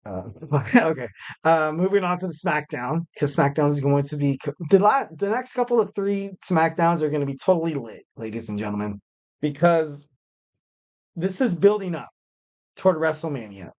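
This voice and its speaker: A young man with a fairly high, expressive, slightly mellow voice hosts his wrestling podcast by himself at normal speed. The talk drifts loosely, is thick with fillers, and includes little self-mocking jokes.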